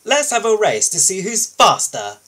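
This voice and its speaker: A man's voice: medium pitch, very animated, measured pace, a bit bright, slightly rough, full character voice. A man voicing a rude, boastful male steam engine in a storybook reading, with a sneering manner.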